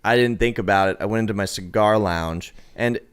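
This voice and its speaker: A man's voice: on the low side, a little fast, smooth. A young man, a podcast guest, rambling through a casual anecdote with lots of restarts. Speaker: podcast guest, cigar lounge manager. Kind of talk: casual storytelling chat.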